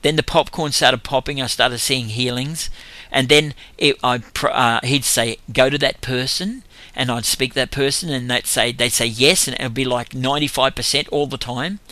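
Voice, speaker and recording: An older man, telling a lively testimony about his street evangelism, laughing as he goes. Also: medium pitch, no room sound. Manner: animated storytelling with laughs. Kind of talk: testimony talk.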